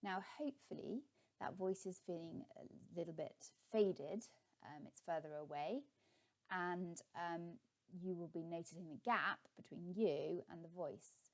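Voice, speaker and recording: A woman's voice: on the low side, unhurried. A middle-aged woman, a life coach, giving a guided visualisation tip in a chatty, encouraging way with many ums.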